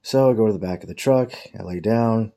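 Fairly quick and warm, on the low side, a man rambles casually through a profane work story, quoting coworkers in mocking voices.

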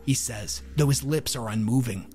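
A man narrating dark fiction in a measured, dramatic way, lingering on words. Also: medium pitch, faint music behind.

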